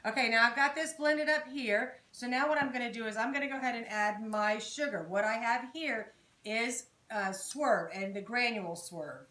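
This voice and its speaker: A woman's voice: on the high side, normal speed, pushed and bright, slight background noise. A woman hosting a home cooking video, chatting casually to her viewers as she walks them through a recipe. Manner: chatty, talks straight to viewers as "guys" and "y'all". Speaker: home cooking channel host. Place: home kitchen. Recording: roomy echoey kitchen.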